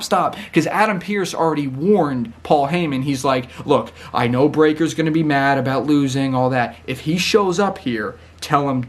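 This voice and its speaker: Male wrestling reviewer, slightly raised pitch, casual and animated, voices quotes. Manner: chatty and excitable, laughs often, acts out quotes. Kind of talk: casual recap commentary.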